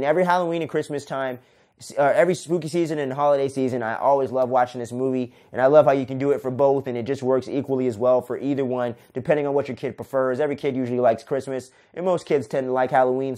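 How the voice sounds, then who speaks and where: A man's voice: mid-range voice, mellow. A man hosting a casual solo movie review, enthusiastic and profane, who ends sentences with "man". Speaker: podcast host, film reviewer.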